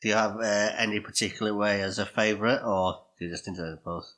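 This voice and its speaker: Deep-voiced man with a bright edge. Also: steady tone, fast talker. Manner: chatty, agreeable, asks questions. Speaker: podcast co-host. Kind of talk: casual chat.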